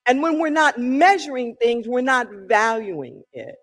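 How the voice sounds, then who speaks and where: A minister preaching a sermon with emphatic delivery, drawn-out key words and sudden loud calls. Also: mid-range voice, big pitch swings. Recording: long reverb in a large hall.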